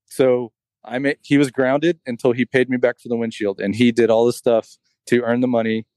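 A man's voice: mid-range voice, level tone, moderate pace, darkish tone, no echo. Man, casual podcast chat, dry close sound, rambling anecdote delivery with plenty of fillers. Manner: rambling storyteller, heavy on fillers like "like" and "you know".

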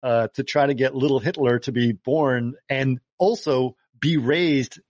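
A man in casual chat about old movies, with a middle-pitched voice. He laughs easily and stumbles through fillers as he talks. The sound is dry and close. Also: unhurried, darkish tone, dry recording. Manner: laughs often, many fillers and restarts. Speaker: podcast co-host.

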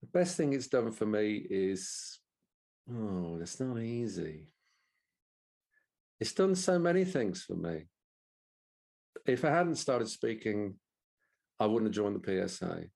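Gravelly low-voiced Brummie man telling stories. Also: takes it slowly, long pauses. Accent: Birmingham and Black Country English. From English Midlands. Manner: animated, repeats words, jumps up in pitch for quoted voices. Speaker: guest, professional speaker. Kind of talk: casual storytelling in an interview.

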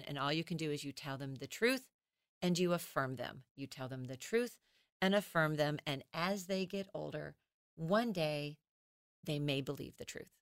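A woman who teaches children's ministry, explaining child development as a guest in a podcast interview, animated and acting out how children talk. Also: deep voice, dry recording, clean studio sound. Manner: animated, acts out children's voices.

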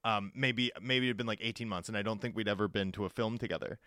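A man co-hosting a sports talk show, telling stories in an animated, chatty way with quick asides. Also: lowish voice, dry recording, clean studio sound. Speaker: sports radio co-host.

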